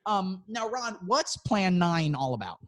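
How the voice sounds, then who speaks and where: A man's voice: high voice, very animated, unhurried, a bit bright. A man co-hosting a podcast, chatting casually, joking and swearing a lot. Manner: profane, joking, laughs often. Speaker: podcast co-host. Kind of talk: casual chat.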